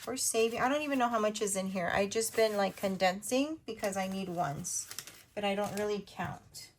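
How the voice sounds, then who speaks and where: Chatty lady counting cash for her budget vlog, voice a bit hoarse, faint hiss behind. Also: medium pitch. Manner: chatty, counts money out loud, quick asides. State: voice going hoarse. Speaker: budgeting video host. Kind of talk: casual chat while counting cash.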